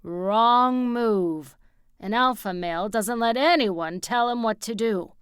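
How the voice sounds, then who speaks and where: A woman's voice: fairly high pitch, slow pace, smooth, no room sound, clean studio sound. A woman voicing a cocky, macho man who barks orders and taunts his brother as his gym trainer, in an audiobook. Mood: barking orders. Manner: barking, taunting commands.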